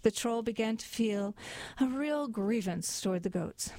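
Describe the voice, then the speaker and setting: A woman reading a fairy tale aloud in a deadpan, mock-formal storybook narration. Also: fairly high pitch, measured pace, dry recording.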